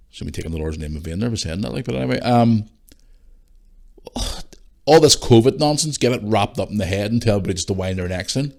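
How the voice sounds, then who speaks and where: A man's voice: lowish voice, animated, fast talker, vocal fry, warm tone. Blunt, sweary Northern Irish man. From Northern Ireland. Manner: blunt, swears freely, rambling rants. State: tired, yawning. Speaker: podcast host. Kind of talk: casual solo podcast chat.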